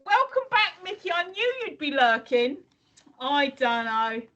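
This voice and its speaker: A woman's voice: high-pitched, big pitch swings, a little slow, fairly bright tone, lo-fi sound. A woman in her fifties or sixties co-hosting a casual livestream, teasing and laughing as she chats. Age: 50s or 60s. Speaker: stream co-host.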